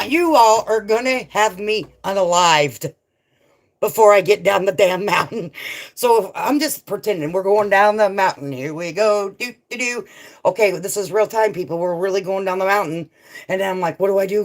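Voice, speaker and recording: A middle-aged woman hosting a casual live chat, laughing often and swearing freely as she reads viewers' comments. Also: on the low side. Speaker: livestream host.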